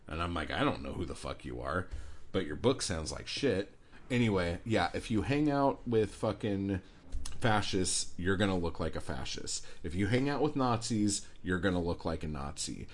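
A man's voice: on the low side, husky. A man hosting a podcast, delivering an angry, profane, sarcastic rant. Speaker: podcast host.

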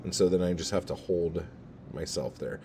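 Low, dark-toned male podcast host; sarcastic, profane rambling monologue. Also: normal speed, creaky, slight background noise. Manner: sarcastic, swears constantly.

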